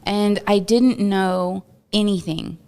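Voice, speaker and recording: Smooth-voiced Texan-raised woman telling stories. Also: medium pitch, takes it slowly. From Texas. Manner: animated storyteller, laughs often. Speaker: podcast guest. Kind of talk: casual storytelling interview.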